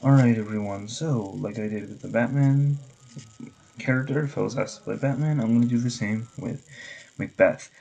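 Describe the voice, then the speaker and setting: A man's voice: medium pitch, normal speed, vocal fry, mellow, lo-fi sound. A young man vlogging casually, rambling with many fillers and restarts. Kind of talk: casual vlog talk.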